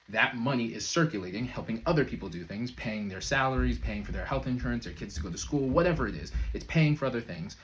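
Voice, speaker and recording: A man's voice: mid-range voice, animated, quick pace, hardly any pauses, a little hiss or hum. A man speaking as a manifestation coach in a loose, conversational way, full of fillers and brief chuckles. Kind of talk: casual motivational talk to camera.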